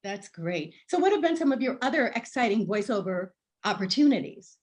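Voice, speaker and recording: A woman's voice: medium pitch, big pitch swings, fairly quick, a little mellow. A woman hosting an interview, reacting with enthusiastic exclamations and asking questions. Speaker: interview host. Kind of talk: casual interview chat.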